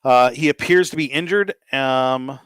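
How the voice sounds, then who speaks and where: A man's voice: mid-range voice, unhurried, clean tone, no echo. Easygoing man running a tabletop game. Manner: relaxed, full of ums and uhs. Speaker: game master.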